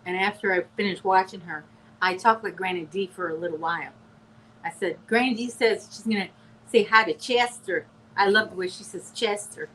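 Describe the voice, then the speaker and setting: A woman's voice: medium pitch, a little fast, a bit bright, poor audio. Woman, Chicago accent, casual livestream chat, chatty, laughs easily, faint background hiss. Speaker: co-host of a live chat stream.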